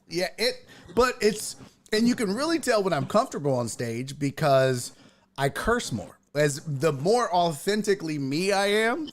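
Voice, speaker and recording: A male streaming host with a lively, swooping voice that sits a little high for a man. He talks casually, laughs a lot and curses freely, like a comic riffing with a guest. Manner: playful, laughs often, swears freely. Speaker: stand-up comedian. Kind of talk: casual chat.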